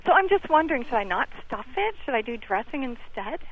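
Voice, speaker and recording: A woman calls in to a radio show with a cooking question. Her voice is high and her tone is playful. The sound comes through a muffled phone line. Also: sing-song, a little fast. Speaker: caller.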